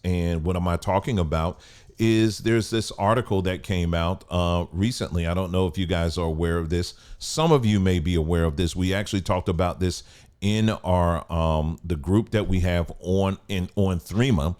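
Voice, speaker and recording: Deep-voiced man in halting commentary. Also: steady tone, a little mellow, clear, resonant tone. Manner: halting, cautious, with many fillers and restarts. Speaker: channel host. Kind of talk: casual commentary to camera.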